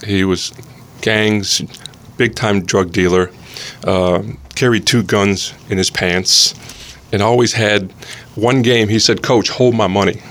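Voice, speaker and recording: Earnest lower-voiced man telling a story. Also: fairly even intonation, slow pace, a bit bright. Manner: earnest storyteller, repeats words when starting sentences. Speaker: pastor and basketball coach. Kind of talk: casual conversation, testimony.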